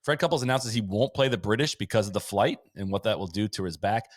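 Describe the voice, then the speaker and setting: A man hosting a podcast in casual chat, rattling off lists of stats with quick asides. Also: lowish voice, expressive, dry recording, studio quality. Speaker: podcast host. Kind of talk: casual chat recapping a sports season.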